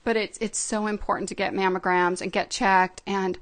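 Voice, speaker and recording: A middle-aged woman speaking as a podcast guest, telling a personal story in a soft, halting way with many fillers. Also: mid-range voice, level tone.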